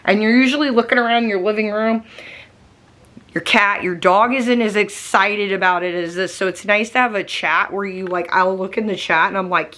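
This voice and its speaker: A woman's voice: mid-range voice, normal speed, a bit bright. A woman vlogger chatting casually to camera at home, rambling with lots of fillers while getting over a migraine. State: recovering from a migraine.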